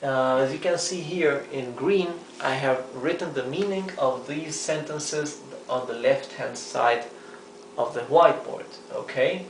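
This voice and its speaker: A man teaching a language lesson at a whiteboard, explaining patiently, checking in with "okay?" and "right?", and repeating words slowly. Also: mid-range voice, reverberant, a little hiss or hum, rough recording. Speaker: Spanish teacher.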